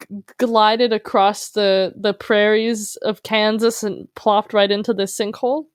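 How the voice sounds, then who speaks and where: A woman's voice: medium pitch, level tone, a little slow, clean tone, no room sound, clean studio sound. A woman from Minnesota co-hosting a casual podcast, asking sarcastic questions and joking. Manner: sarcastic, teasing jokes. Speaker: podcast co-host.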